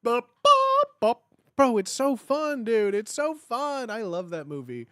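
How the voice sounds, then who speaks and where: A streamer in their thirties from the Chicago area, chatting casually at home in a rambling way with sudden excited bursts. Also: a little slow, dry recording. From Chicago area, United States. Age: 30s. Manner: animated, with sudden high bursts when acting out cheering; rambling, many fillers and restarts. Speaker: livestream host. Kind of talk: casual livestream chat.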